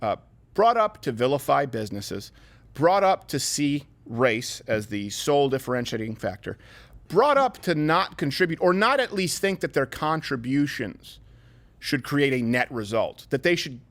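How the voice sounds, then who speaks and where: A man giving political commentary on a panel, lecturing slowly and emphatically. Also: mid-range voice, sing-song, a bit bright. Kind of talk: opinion commentary in a played clip.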